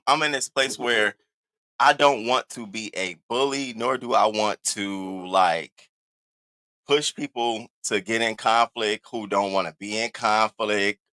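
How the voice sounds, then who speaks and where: Animated, bright-voiced livestream host man. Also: mid-range voice, dry recording. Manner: animated, jumps into mock voices. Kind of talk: casual commentary.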